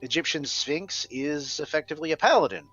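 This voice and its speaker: A man's voice: a little high, expressive, fairly quick, fairly bright tone, muffled recording, soft background music. Easygoing male game master. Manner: easygoing, filler-heavy scene-setting. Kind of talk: narrating a tabletop game.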